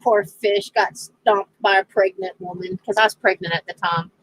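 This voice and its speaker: A woman's voice: mid-range voice, steady tone, moderate pace, a bit bright, dry recording, rough recording. A middle-aged woman hosting a casual crafting chat, telling stories with lots of laughter. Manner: storytelling with frequent laughter. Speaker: crafting channel host.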